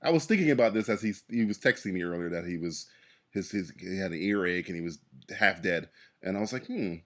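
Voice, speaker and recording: A man's voice: deep voice, a little fast. A man hosting a casual movie podcast, laughing often and restarting his sentences. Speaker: podcast host. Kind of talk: casual chat.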